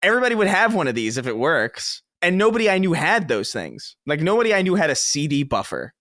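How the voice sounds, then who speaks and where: Male podcast guest from the Bronx, slightly high voice, dry close sound; rambling, self-mocking storyteller who swears. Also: big pitch swings, fast talker, bright, forceful tone, no echo. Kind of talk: casual podcast chat.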